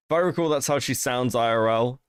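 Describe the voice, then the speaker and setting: A man's voice: mid-range voice, clear, resonant tone, no room sound, studio quality. A man co-hosting a stream, reacting in a casual, profane, disbelieving way. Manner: profane, incredulous and laughing. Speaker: co-host.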